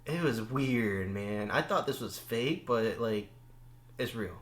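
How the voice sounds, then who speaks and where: A man's voice: on the low side, lively intonation, slow. A young man, a podcast guest, telling stories in laid-back casual chat, swearing freely. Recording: roomy echo.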